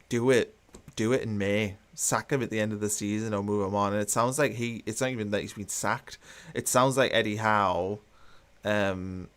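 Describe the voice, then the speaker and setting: A man's voice: fairly low pitch, a bit bright. A man hosting a football watchalong, chatting casually with many fillers and restarts while he reads out live comments.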